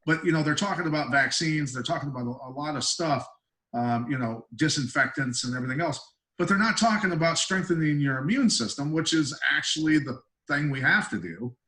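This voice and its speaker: A man's voice: a little high, lively intonation, a little fast, sharp tone, reverberant. A man hosting a casual video call, affirming and conversational. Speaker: host. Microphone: video call microphone.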